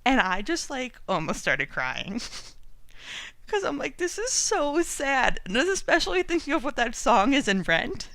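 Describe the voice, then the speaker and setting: Woman, casual podcast chat, gravelly, bright, laughs a lot. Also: a little high, sing-song, moderate pace, dry recording. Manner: chatty, laughs often, lots of likes. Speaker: podcast co-host.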